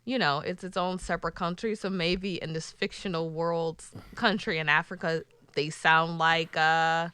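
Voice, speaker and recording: A young woman co-hosting a podcast, chatting casually with a playful, teasing streak and frequent laughs. Her voice is bright and crisp, slightly low-pitched, and recorded close and dry with no room sound. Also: steady tone, normal speed, few pauses, dry recording. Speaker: podcast co-host. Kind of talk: casual chat.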